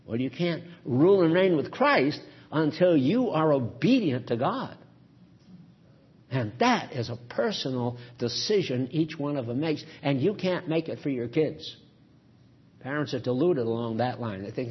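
A man preaching a sermon in an earnest, emphatic way, swinging between loud and soft. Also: mid-range voice, animated, normal speed, slightly rough, highs cut off.

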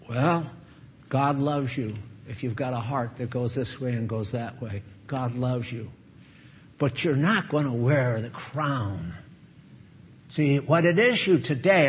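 A man's voice: fairly high pitch, husky. An older man, a pastor, preaching a sermon full of rhetorical questions and repeated lines. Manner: rhetorical questions, repetitive emphasis. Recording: dull lo-fi recording.

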